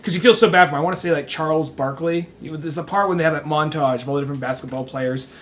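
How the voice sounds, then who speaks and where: A young man co-hosting a podcast in casual comedic chat, acting out scenes in loud put-on voices. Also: on the high side, rapid-fire. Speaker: podcast co-host.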